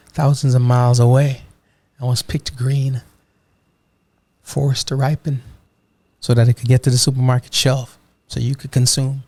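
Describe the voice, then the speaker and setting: A man from Jamaica talks in a loose, animated way, his accent thickening into patois phrases. His voice has a gravelly grain. The recording is dry and close, with no room sound. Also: medium pitch, no room sound. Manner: animated, slips into patois phrases, repeats "you know what I mean". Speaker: vlogger. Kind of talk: casual travel chat.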